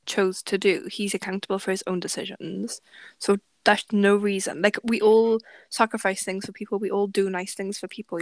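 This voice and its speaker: A woman's voice: mid-range voice, no echo. A woman in casual podcast chat, giving frank, blunt advice.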